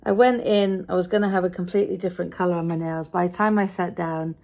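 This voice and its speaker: A middle-aged woman with a British accent tells the story of her day in a chatty, grumbling vlog. Her voice sits low and carries a gravelly, creaky edge. She sounds tired and a little frustrated, with wry asides. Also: fairly even intonation, fast talker, darkish tone. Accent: British English. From Britain. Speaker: vlogger. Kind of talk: casual day-in-the-life vlog chat.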